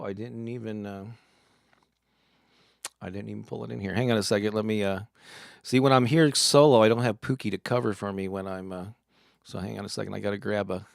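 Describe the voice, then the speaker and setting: A man's voice: lowish voice, gravelly, dry recording, studio quality. A man hosting a live stream, reading corny cheese jokes and laughing at his own puns.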